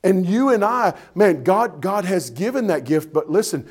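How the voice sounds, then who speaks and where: A man's voice: sits high, lively intonation, moderate pace, a little mellow. A male pastor, preaching a sermon in an emphatic, folksy way and often asking the congregation if they are ready.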